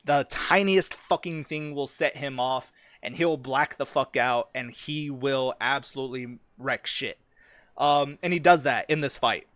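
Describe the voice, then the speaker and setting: A man's voice: medium pitch, measured pace, fairly bright tone, dry recording. Young guy rambling casual on stream, lots of um and like, swears a bunch, dead dry sound. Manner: loose and profane, full of ums and likes. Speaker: streamer and fantasy writer. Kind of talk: casual chat about a fantasy story.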